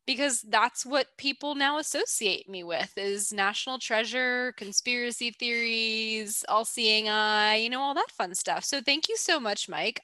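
A woman co-hosting a casual podcast, upbeat and quick to laugh. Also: fairly high pitch, pushed and bright, dry recording. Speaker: podcast co-host. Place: DC area.

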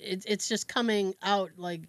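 A woman co-hosting a podcast, telling a family story in casual chat, animated and acting out her relatives' voices with frequent laughs. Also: mid-range voice, measured pace, dry recording. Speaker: podcast co-host.

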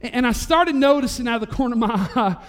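A man, preaching a sermon as pastor and telling a story in an animated way, his voice rising to near-shouts at the high points. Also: fast. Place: church sanctuary.

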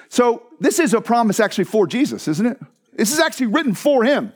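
A man preaching a sermon to his church, conversational and animated, with asides to the congregation. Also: very high-pitched, fast. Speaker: pastor. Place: church sanctuary.

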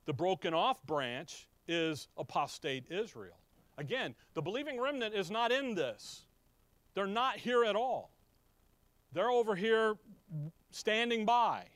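A man with a fairly high voice preaches a Bible sermon, asking question after question and answering it himself. He stretches key words out slowly and swings between loud, punchy bursts and low, quiet asides. The sound is close and dry. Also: lively intonation, no echo. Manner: asks the congregation questions and answers them himself; slows down heavily on key words.

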